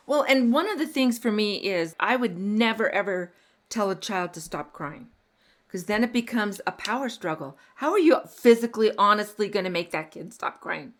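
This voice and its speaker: A woman's voice: mid-range voice, lively intonation, normal speed. A woman in her sixties hosting a podcast interview, talking casually, often agreeing and laughing along. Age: 60s. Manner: frequent affirming backchannels, warm laughter. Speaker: podcast host.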